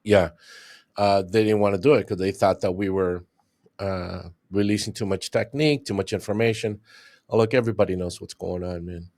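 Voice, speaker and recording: A man's voice: deep voice, moderate pace. A middle-aged man, a retired homicide detective, telling stories in a casual interview and acting out what others said. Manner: animated storyteller, acts out what others said.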